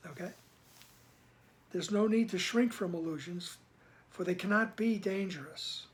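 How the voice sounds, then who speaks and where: A man reading and explaining a spiritual text in casual spoken commentary, gentle and reassuring, often checking in with his listeners. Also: high-pitched, unhurried, pauses often, poor audio. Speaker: spiritual study reader and teacher.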